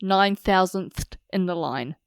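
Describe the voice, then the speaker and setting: A woman's voice: lowish voice, takes it slowly, clear, resonant tone, dry recording, clean studio sound. A young woman co-hosting a casual podcast, playful and teasing in her banter. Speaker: podcast co-host. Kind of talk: casual chat.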